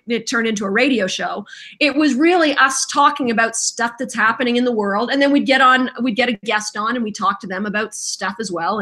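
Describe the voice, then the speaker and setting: Lively woman guest, bright high voice, acts out every quote. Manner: animated storyteller, acts out quotes. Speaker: voice actress guest. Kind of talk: casual interview chat.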